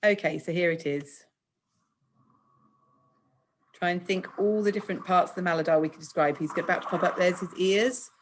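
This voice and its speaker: A woman with an English accent teaching children in a recorded remote lesson, speaking clearly, patiently and encouragingly. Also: on the low side, normal speed, pauses often, a little hiss or hum. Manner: clear, patient, encouraging, acts out example speech lines. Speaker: primary school teacher.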